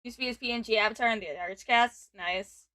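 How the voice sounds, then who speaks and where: A woman in her 20s streams casually, her fairly high voice brisk, bright, and forceful on a dry recording. She often breaks into giggles, reads the chat messages out loud, and talks over the guest.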